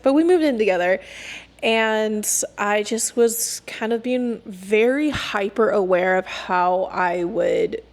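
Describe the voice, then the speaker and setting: Young woman podcast host, somewhat high-pitched, candid and chatty solo rant. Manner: chatty and candid, lots of "like" and laughs.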